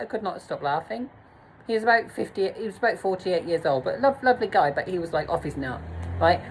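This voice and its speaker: A woman's voice: fairly low pitch, animated, fairly quick, breathy edge, rough recording. A woman telling a blunt, sweary, self-mocking story to camera as a vlogger. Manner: blunt, sweary, laughs at herself. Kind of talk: candid storytime monologue.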